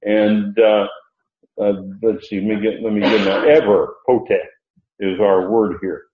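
Older male preacher, halting and low. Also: fairly even intonation, a crowd in the background. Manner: unhurried, halting, many fillers. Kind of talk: Bible study teaching. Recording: roomy, dull lo-fi sound.

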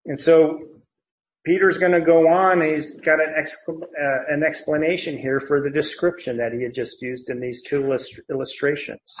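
A man teaching through a Bible passage verse by verse, pausing on word meanings, with frequent fillers and restarts. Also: fairly high pitch, steady tone, muffled recording, slight background noise.

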